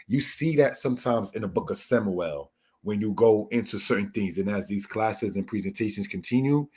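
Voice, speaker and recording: A man teaching a Torah lesson, explaining word meanings in a measured way and addressing his listeners as brothers and sisters. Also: on the low side, breathy edge. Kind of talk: slow spoken Bible lesson.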